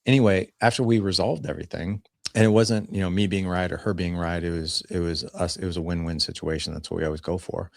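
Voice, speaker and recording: A man's voice: deep voice, fairly even intonation, fast, creaky, darkish tone, no room sound. A man in his forties, a guest on a podcast, talking earnestly and plainly about family life and acting out bits of dialogue as he tells stories. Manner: earnest, plain-spoken, acts out dialogue in anecdotes. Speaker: podcast guest, fatherhood coach. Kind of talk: casual interview storytelling.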